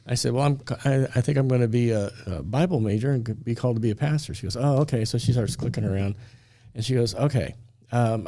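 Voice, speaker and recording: A man's voice: on the low side, mellow, no room sound, clean studio sound. A man telling a personal story on a faith talk show, acting out the dialogue and laughing often.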